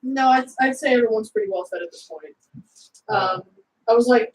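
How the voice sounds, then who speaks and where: A woman's voice: fairly high pitch, moderate pace, far from the mic. A woman player chatting casually and giggling during a tabletop game. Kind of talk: casual chat. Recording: echoey room, off-mic, faint noise.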